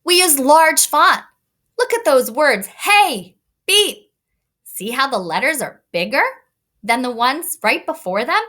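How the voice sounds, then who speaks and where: Woman teacher for a kids' reading lesson: high, bright voice, slow and deliberate. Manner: animated, expressive teacher voice addressing kids. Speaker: elementary school teacher. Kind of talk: online read-aloud lesson for young children.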